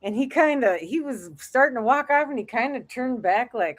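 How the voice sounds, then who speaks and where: A woman's voice: a little high, lively intonation, fairly quick. A middle-aged woman co-hosting a casual chat show, telling stories and laughing often. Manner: chatty storyteller who laughs often. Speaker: co-host.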